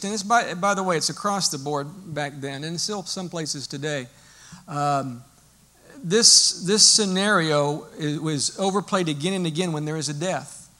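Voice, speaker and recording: A male pastor preaching a sermon in a lively, storytelling way, explaining as he goes. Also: a little high.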